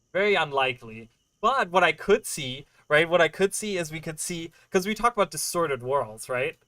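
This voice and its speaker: A man talks through a game on a livestream in loose, rambling chat, full of fillers and checking in with "right?". His voice sits a little on the high side for a man. He breaks off now and then to answer questions from chat. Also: lively intonation, measured pace, pushed and bright, dry recording. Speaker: game streamer.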